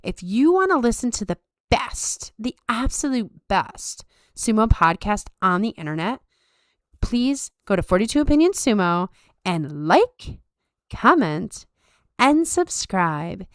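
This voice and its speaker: A woman putting on a ditzy, airheaded Valley Girl who gushes and says "like" at every turn, her voice pitched up and loud. The sound is smooth and close, in a dry room. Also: very animated, unhurried, dry recording. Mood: gushing. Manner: bubbly, airheaded, lots of "like". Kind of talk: comic live-stream bit.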